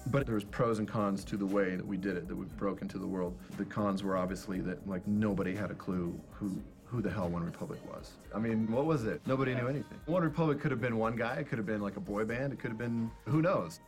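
Low gravelly man recalling in interview. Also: fast, few pauses, faint music behind. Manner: casual, reflective storytelling. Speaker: band member. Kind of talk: documentary interview.

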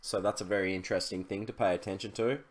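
Chatty young man, fairly low. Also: steady tone, fast. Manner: chatty, loose, with many fillers and restarts. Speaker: e-commerce YouTuber. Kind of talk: casual screen-share tutorial.

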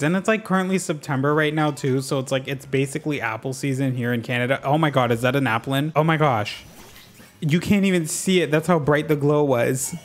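A man giving excitable, campy gameplay commentary, full of gasps, sassy asides and sudden jumps in pitch. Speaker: gaming video creator.

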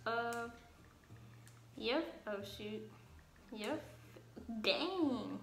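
Bright, chatty young woman vlogger. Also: a little high, animated, unhurried, reverberant, slight background noise. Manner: chatty, giggly, talks to herself while texting. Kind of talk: casual chat.

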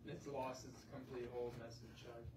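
A man's voice: medium pitch, level tone, normal speed, background noise. A man in a church class chiming in with casual, offhand remarks. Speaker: class participant. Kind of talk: casual questions from the audience. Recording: distant room mic.

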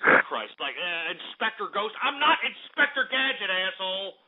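A man's voice: sits high, big pitch swings, normal speed. A man playing an angry, swearing host of a comedic call-in radio show who insults every caller. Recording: tinny phone-like audio.

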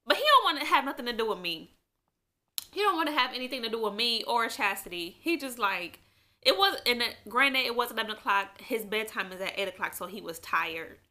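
A woman's voice: fairly high pitch, expressive, fairly quick, sharp tone. A young woman telling her own story in a casual sit-down vlog, rambling with many fillers and growing emotional at times. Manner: emotional, eyes welling up at times. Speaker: vlogger.

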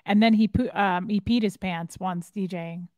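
A woman co-hosting a casual chat in a deadpan manner, reading viewer comments aloud. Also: medium pitch, moderate pace, no echo, studio quality. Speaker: co-host.

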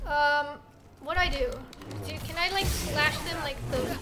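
High-pitched young woman playing a game. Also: fairly even intonation, measured pace. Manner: dramatic, groaning and shrieking at the game. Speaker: gaming streamer. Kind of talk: gameplay commentary.

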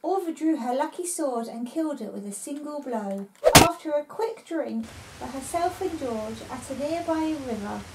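High-voiced woman reading a story aloud. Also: reverberant, background noise. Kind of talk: read-aloud story narration.

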